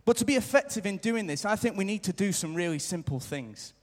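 A high-voiced man delivers an earnest sermon live in a church. His words ring out with a long hall reverb behind them. He stresses his points by repeating them and slips into short quoted remarks. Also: lively intonation, a little fast. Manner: earnest, repetitive emphasis, acts out quoted lines. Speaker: preacher.

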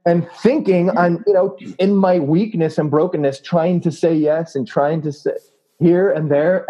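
A man's voice: fairly high pitch, mellow, rough recording. A man telling a story in a casual interview, earnest and full of fillers. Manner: earnest, with many fillers and laughs. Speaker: anti-trafficking activist and preacher.

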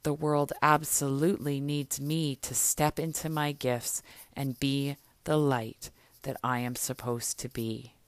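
A woman's voice: very deep voice, level tone, a little slow, dry recording. A woman hosting a spiritual podcast, leading a guided affirmation meditation in a soothing, encouraging way. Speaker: podcast host.

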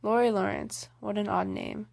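A woman's voice: mid-range voice, expressive, normal speed, vocal fry, a little mellow. A woman reading aloud as a spirited, outspoken teenage girl in a storybook, in a voice close to her own. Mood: frank. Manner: outspoken, hearty. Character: spirited tomboyish teenage girl, blunt and eager.

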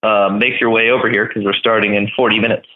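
A man's voice: on the low side, level tone, quick pace. A man hosting a casual chat, laid-back and rambling with lots of fillers. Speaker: host. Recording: echoey, phone-like line.

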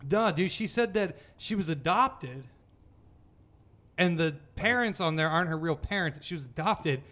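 A man in casual, profane chat with friends, animated and laughing often. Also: on the high side, normal speed.

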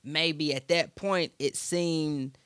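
Male co-host with a bright, fairly high voice, reflective and affirming, close dry recording. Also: fairly even intonation, slow pace, smooth, no room sound. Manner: warm affirming listener, asks thoughtful questions. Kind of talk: casual conversation.

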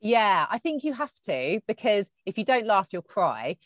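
A woman's voice: medium pitch, sing-song, normal speed. A woman from England, a TV presenter telling stories in casual chat and acting out quoted lines. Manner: chatty storyteller, acts out quoted dialogue. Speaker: TV presenter as guest.

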